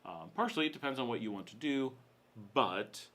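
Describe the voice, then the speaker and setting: A middle-aged man hosts a casual live Q&A stream from a room at home lit with studio lights, talking loosely, reading viewer comments aloud and cooing baby-talk to his dog. He's chatty and brisk, with a medium-pitched, fairly bright voice and lively intonation.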